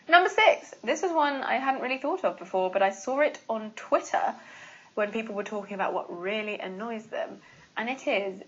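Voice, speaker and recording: A young British woman teaches English in a chatty, lively way, with playful example phrases. Her voice sits at a middle pitch. The recording sounds a little dull and muffled. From Britain. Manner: chatty and expressive, quick laughs, playful mock examples. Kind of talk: casual lesson to camera.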